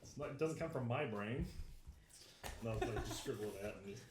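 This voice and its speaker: A man's voice: mid-range voice, a little fast, roomy sound, noisy background. A man playing a tabletop game, rambling and giggling. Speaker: player. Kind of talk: casual tabletop game play.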